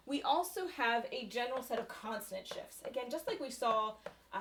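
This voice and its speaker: A woman's voice: fairly high pitch, slight background noise. A woman giving a recorded university lecture in a conversational way, with frequent fillers and "right?" tag questions.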